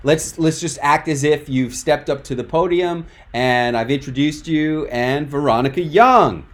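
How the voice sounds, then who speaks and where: A man's voice: a little high, a little slow. A man coaching a speaker on a video call, talking in a direct, emphatic and encouraging way. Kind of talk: webinar coaching feedback.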